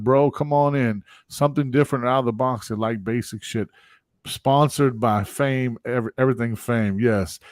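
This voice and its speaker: Animated male podcast host, dry sound. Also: medium pitch, dry recording. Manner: animated, hype, reads sponsor plugs and viewer comments. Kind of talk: casual live-stream podcast chat.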